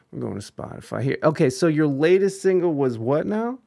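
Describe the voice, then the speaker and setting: A man's voice: fairly high pitch, expressive, brisk, creaky, mellow. A man hosting a casual live-streamed interview, rambling and thanking viewers as he goes. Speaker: podcast host.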